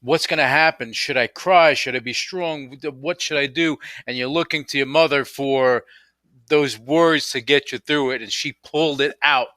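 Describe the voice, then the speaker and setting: A man's voice: medium pitch, normal speed, pushed and bright, dry recording. A man hosting a radio interview, talking in an enthusiastic, encouraging way and often repeating himself. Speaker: radio show host. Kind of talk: casual interview chat.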